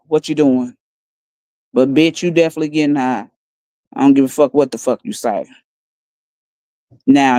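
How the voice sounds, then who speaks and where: A woman livestreaming on her phone, taunting and mocking others in a calm, profane, smooth way. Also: a bass voice, no echo. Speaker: livestream host. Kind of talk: casual livestream rant.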